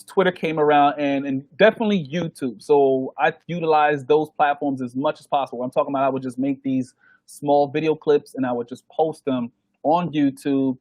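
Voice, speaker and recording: A man, a DJ guest telling stories in a casual interview, animated and acting out the voices of people he quotes. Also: mid-range voice, dry recording. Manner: animated, acts out quoted voices, laughs often.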